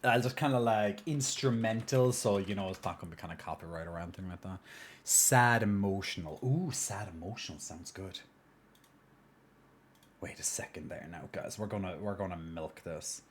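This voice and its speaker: A man's voice: low-pitched, normal speed, slight background noise. A man chatting casually and playfully to his live-stream viewers, full of fillers and restarts, and at times putting on a mock-solemn tone. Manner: mock-solemn when playing up sad news.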